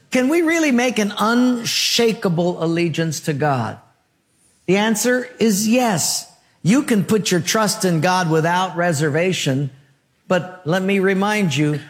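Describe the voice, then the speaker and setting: Male pastor preaching, high voice, punchy rhythmic lines, good-humored storytelling. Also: animated, measured pace. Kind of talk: sermon.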